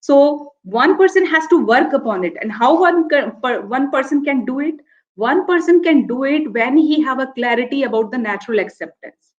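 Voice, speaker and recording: A woman's voice: sits high, expressive, moderate pace, lo-fi sound. A woman professor giving an earnest, explanatory lecture to students. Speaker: university professor.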